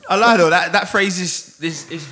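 A man's voice: high-pitched, normal speed, bright, forceful tone. A man co-hosting a podcast, chatting casually and explaining slang with playful examples. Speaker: podcast co-host.

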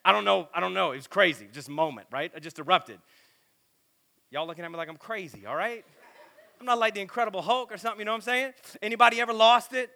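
Guy preaching, super bright tone, kinda high voice, rambly storytelling sermon. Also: quick pace, gravelly. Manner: animated, self-deprecating, lots of filler and repeats.

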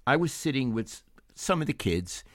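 Older man, animated storyteller, pitch swings up and down, dry close sound. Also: normal speed, dry recording. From Brooklyn, New York. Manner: animated storyteller, laughs often. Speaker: podcast co-host. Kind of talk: casual storytelling chat.

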